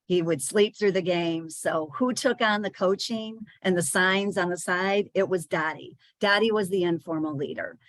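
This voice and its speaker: A woman's voice: lowish voice, normal speed, hardly any pauses, no room sound. A woman giving a chatty presentation to sales leaders, with frequent fillers and small restarts.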